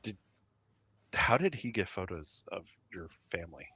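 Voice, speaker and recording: A man narrating as game master for a tabletop game, halting and filling pauses as he goes. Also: sits low, big pitch swings, bright, forceful tone, slightly rough. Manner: halting, full of fillers and restarts.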